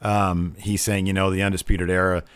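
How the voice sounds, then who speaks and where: A man's voice: low voice, level tone, moderate pace, fairly bright tone, smooth, no room sound. A man co-hosting a wrestling podcast, chatting casually, laughing easily and drifting into asides. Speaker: podcast co-host. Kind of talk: casual wrestling review chat.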